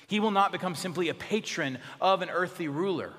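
A pastor preaching a sermon in a church, expressive, dropping to soft tones for emphasis. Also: male voice, high voice, a little fast, big-room sound.

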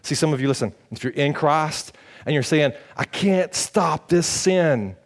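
Expressive and unhurried, a pastor moves from loud, high exclamations to hushed, low pleas during his sermon. Along the way he puts casual rhetorical questions to his congregation.

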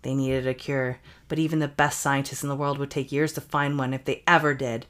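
A woman podcast co-host narrating a story aloud in a brisk, even manner. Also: very deep voice. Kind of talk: comic reading of an erotic story.

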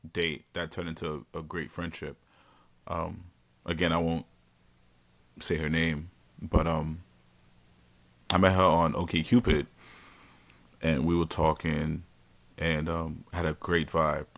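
A man telling dating stories in a casual, animated and slangy way, laughing often. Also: low voice. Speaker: podcast host telling stories. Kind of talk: casual storytelling.

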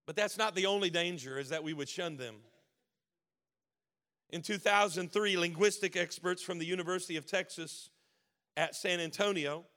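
A man preaching a sermon with a Baltimore accent, building to loud emphatic preaching. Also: high voice. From Maryland. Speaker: pastor.

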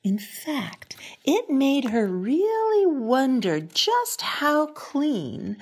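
A woman reading a children's storybook aloud in a soft, often whispery, expressive voice. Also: high voice, extremely slow, hardly any pauses. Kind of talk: storybook read-aloud narration.

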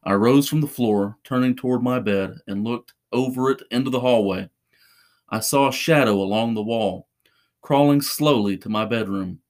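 A man narrating a first-person horror story in a measured, suspenseful way. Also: mid-range voice.

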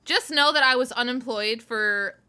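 A woman's voice: a little high, normal speed, bright, forceful tone. A young woman from Buffalo with a Western New York accent, co-hosting a podcast, blunt and sassy, swearing casually. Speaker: podcast co-host. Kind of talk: casual chat.

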